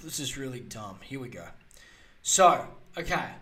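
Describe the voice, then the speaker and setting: A man's voice: medium pitch, very animated, a little slow, fairly bright tone. A young man hosting a solo podcast, ranting sarcastically and swearing freely. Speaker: podcast host.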